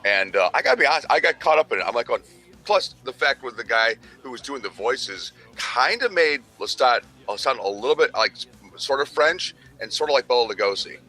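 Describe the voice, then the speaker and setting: A man's voice: medium pitch, expressive, brisk, bright, forceful tone, faint music behind. A man co-hosting a gaming news show, telling rambling, profane stories in casual chat. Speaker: podcast co-host.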